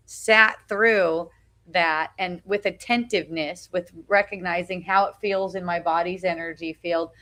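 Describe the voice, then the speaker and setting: Her voice lowish yet bright and forceful, a middle-aged woman leads a small group in an informal spiritual talk on a beach. The phone live video catches her conversational style, frequent "right?", restarted sentences and casual swearing.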